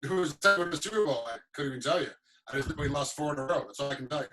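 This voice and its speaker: A man's voice: on the high side, racing, a crowd in the background. A middle-aged man, a former fighter, chatting as a guest and acting out other people's voices as he tells stories. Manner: animated storyteller, acts out quoted voices. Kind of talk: casual chat.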